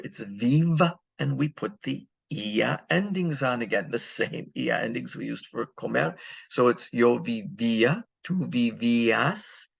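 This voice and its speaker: Guy teaching grammar, super gravelly husky voice, walks thru it step by step asking himself questions. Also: mid-range voice, no room sound. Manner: explains step by step, poses and answers his own questions. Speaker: Spanish teacher. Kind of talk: recorded grammar lesson.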